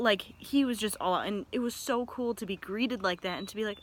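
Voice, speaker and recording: A woman in her thirties from Michigan, telling a story in a casual vlog with chatty, excitable rambling and frequent self-corrections. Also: medium pitch, moderate pace, few pauses, slight background noise. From Michigan, USA. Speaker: vlogger.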